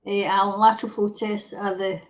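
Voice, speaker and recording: A woman's voice: medium pitch, flat delivery, lo-fi sound. A Scottish woman hosting a casual livestream chat, ranting and swearing as she reads out viewer comments. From Scotland. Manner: ranting and sweary, quick to flare up. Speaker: livestream show host.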